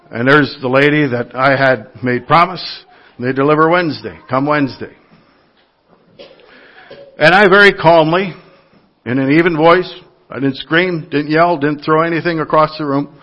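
A man's voice: a little high, normal speed, pauses often, fairly bright tone. A man preaching a sermon to his congregation, telling everyday stories in an earnest, conversational way. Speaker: lay preacher.

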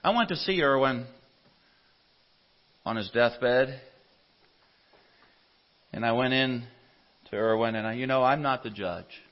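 An earnest man preaches a sermon in a church, his voice swelling loud for scripture and sinking soft for his stories. His voice sits in an ordinary middle range. The church recording sounds dull and lo-fi. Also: mid-range voice, slow pace, long pauses.

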